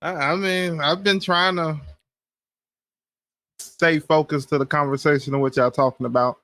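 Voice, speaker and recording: A spaced-out man on a podcast who is on psychedelics drifts through his words and loses the thread. His tone is bright and sharp. He sounds set back from the mic, in a dry room. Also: a little high, steady tone, measured pace, no echo. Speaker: podcast co-host. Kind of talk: casual chat.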